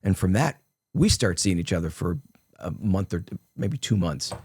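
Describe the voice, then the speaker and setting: Low-voiced older man telling rambling stories. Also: lively intonation, moderate pace, darkish tone, breathy edge, no echo, clean studio sound. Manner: rambling anecdotes with many restarts and quoted dialogue. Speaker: interview guest. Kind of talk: casual storytelling interview.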